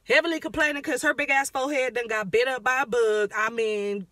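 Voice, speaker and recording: A woman giving a sassy, profane rant recapping a reality show, throwing in dramatic asides and sometimes dropping her voice low and quiet. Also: steady tone, fairly quick. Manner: drops voice low and quiet at times. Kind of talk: ranting recap commentary.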